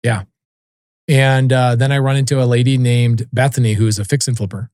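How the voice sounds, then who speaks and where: Forties guy on a podcast telling stories, super animated, does the voices of people he quotes, dry room. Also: mid-range voice, brisk, no echo. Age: 40s. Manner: animated, acts out quoted voices, casual swearing. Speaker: podcast guest. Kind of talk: casual storytelling interview.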